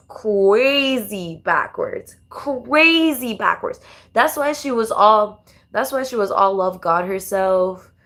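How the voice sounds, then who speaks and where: A woman vlogger chatting casually over music she plays, working things out aloud as she goes. She talks in a mid-pitched voice, swears freely, and keeps stopping to restart her sentences. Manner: casual, profane, thinking aloud with many restarts. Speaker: tarot and astrology vlogger. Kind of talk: casual commentary while playing songs.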